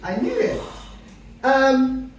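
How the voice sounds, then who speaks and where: A middle-aged man from Afghanistan doing stand-up comedy with dry, deadpan delivery, full of hesitant fillers and some crowd work. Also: extremely high pitch, very slow, faint music behind. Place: comedy club stage. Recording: echoey room mic heard from a distance.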